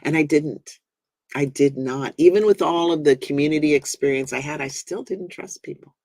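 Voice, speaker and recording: A man with a mid-pitched voice talks earnestly to his guest and to viewers. The sound is dry and close, with no room echo. He reflects aloud and now and then jumps up in pitch to act out a quote. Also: moderate pace, darkish tone. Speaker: minister and talk show host. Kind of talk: reflective conversational talk.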